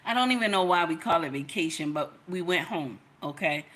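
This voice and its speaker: Bright-voiced woman streaming casual commentary. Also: lowish voice, expressive, a little fast. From Nigeria. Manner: chatty, preachy, talks straight to viewers. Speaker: commentary channel host.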